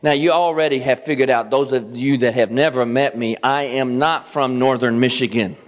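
A middle-aged man from Kentucky with a Southern accent, preaching as a guest pastor, joking and swinging his pitch up for emphasis. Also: steady tone, normal speed. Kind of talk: sermon. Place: church sanctuary. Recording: long church reverb.

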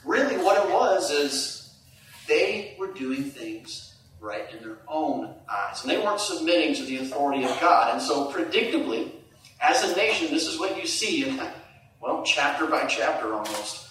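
A middle-aged man preaching a sermon, animated, climbing to high emphatic peaks and dropping to hushed asides. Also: normal speed, slight background noise. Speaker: pastor. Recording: echoey hall, distant mic.

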